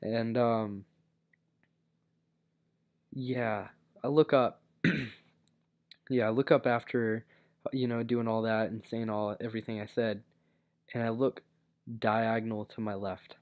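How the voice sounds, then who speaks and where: A man's voice: fairly low pitch, little pitch movement, slow pace, long pauses. A young man casually telling a personal story, rambling with many fillers and restarts. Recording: dull lo-fi recording.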